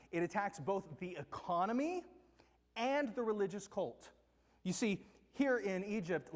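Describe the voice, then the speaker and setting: A man's voice: high voice, long reverb tail. A man preaching a sermon, teaching animatedly with rhetorical questions and quoted voices. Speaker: pastor.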